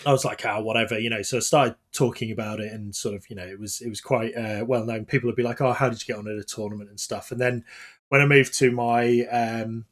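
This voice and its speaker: A man's voice: medium pitch, steady tone, fast talker. Rambling storytelling male podcast host. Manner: rambling anecdotal storytelling with many fillers. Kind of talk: casual podcast chat.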